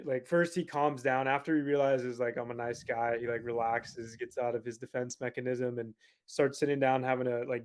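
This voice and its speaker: A man who is a podcast guest, telling a story in a casual, animated way and laughing as he goes. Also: on the high side.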